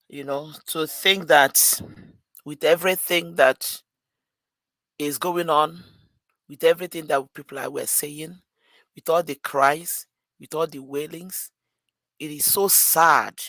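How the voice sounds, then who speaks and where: A woman's voice: sits low, steady tone, unhurried, a bit bright, no room sound. Impassioned woman, dry sound. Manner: emotional, repetitive, rising and falling intensity. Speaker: caller. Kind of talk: impassioned call-in speech.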